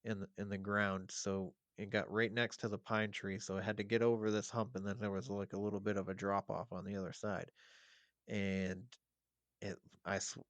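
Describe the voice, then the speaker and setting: Low-voiced man telling a wild story. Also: moderate pace, dry recording. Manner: animated, profane, rambling with fillers. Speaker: podcast guest. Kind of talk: casual storytelling.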